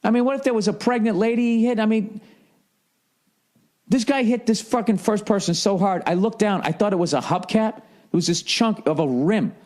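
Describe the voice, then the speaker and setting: A man's voice: high-pitched, moderate pace, darkish tone. A man streaming live, telling a rambling, profanity-laden story in casual chat. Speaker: livestreamer.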